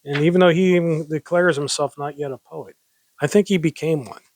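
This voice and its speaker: A man's voice: a little high, steady tone, brisk, darkish tone, dry recording. A man casually reading public domain poems aloud, breaking off into rambling, self-mocking asides and stifled giggles. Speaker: amateur poetry reader.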